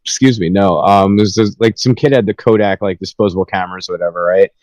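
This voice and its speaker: A man's voice: deep voice, steady tone, fast, darkish tone, dry recording, low-quality recording. A young man telling rambling, profanity-filled stories with laughs in a casual podcast chat. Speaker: podcast host.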